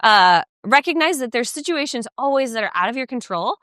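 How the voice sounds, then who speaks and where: A woman's voice: fairly high pitch, lively intonation, fairly quick, a bit bright, no room sound, clean studio sound. A woman co-hosting a podcast, talking casually and rambling through a story with many fillers while walking outdoors by a lake. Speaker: podcast co-host. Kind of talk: casual chat.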